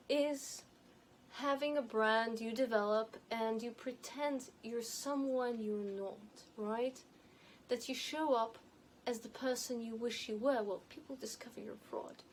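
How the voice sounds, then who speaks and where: A woman with a light, elocution-trained non-native accent gives a measured, emphatic advice monologue to camera as an image and style consultant. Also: a little high, darkish tone, slight background noise, rough recording.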